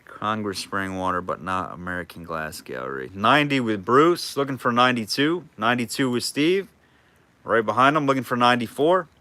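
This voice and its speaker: Male auctioneer for a live online sale, chatty and jokey, bright forward voice, calls bids in between banter. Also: mid-range voice, lively intonation, a little fast, dry recording. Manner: chatty, jokey, reads out bids and names viewers.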